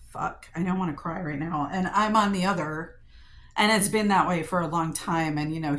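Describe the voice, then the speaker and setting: A middle-aged woman with a low voice records a personal diary vlog. She vents in an upset, swear-filled way and keeps restarting her sentences with "um" and "like.". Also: fairly bright tone. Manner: upset, profane venting with frequent fillers and restarts. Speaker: vlogger.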